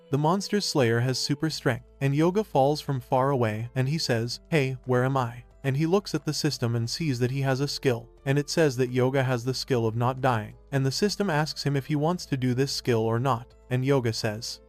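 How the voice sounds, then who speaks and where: A man narrating a plot recap and reading the characters' lines in his own voice. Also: mid-range voice.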